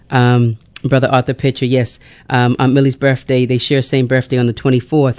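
A middle-aged woman from Bermuda hosts a chatty radio show mixing casual talk and prayer, often laughing between prayers and callers. Her voice is very deep and darkish in tone.

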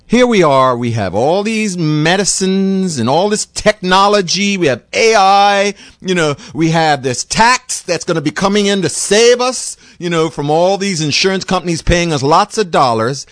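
A man's voice: lively intonation, moderate pace, fairly bright tone, no echo, studio quality. A doctor and show host, a man, giving an impassioned, rambling monologue. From Bermuda. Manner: impassioned, rambling, pitch swinging widely. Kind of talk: opinionated monologue.

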